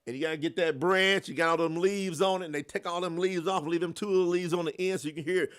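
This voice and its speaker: A man in his thirties from the US South with a Southern accent, hosting a livestream and chatting with his viewers in an animated way. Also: high voice, fast, clean tone. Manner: animated, laughing, talks to the chat. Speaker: life coach, livestream host. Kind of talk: casual livestream chat.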